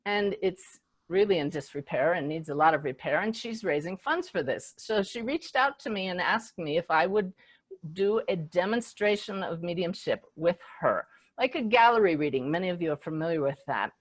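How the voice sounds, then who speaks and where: A middle-aged woman hosts a live online gathering as a medium, retelling events with quoted exchanges. Her voice sits a bit low, and the sound is close and dry, with almost no room echo. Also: lively intonation, normal speed. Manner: enthusiastic, storytelling with quoted dialogue. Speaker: spiritual medium and host. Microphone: video call.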